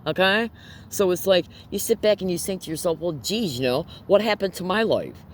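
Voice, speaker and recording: Agitated man with a lively voice. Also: sits high, normal speed, slight background noise. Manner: emphatic, rhetorical questions to viewers; agitated, nervous laughter. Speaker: vlogger. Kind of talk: direct-to-camera monologue.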